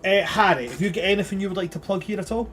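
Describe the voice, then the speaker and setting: A man's voice: high-pitched, lively intonation, rapid-fire, fairly bright tone, husky, soft background music. A man as game master, closing a tabletop livestream and plugging the socials in a chatty, upbeat way.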